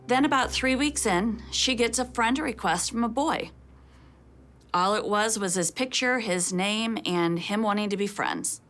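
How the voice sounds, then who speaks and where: An American woman in middle age tells a painful personal story in an earnest, measured way, often voicing other people's words. Her pitch sits in an ordinary middle range. Soft music plays faintly beneath her. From United States. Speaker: foundation founder and speaker. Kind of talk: personal testimony talk.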